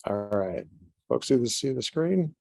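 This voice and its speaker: A man's voice: mid-range voice, very animated, measured pace, gravelly, darkish tone, dry recording. A man giving an online conference presentation, telling a story in a conversational way over a video call. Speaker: conference speaker.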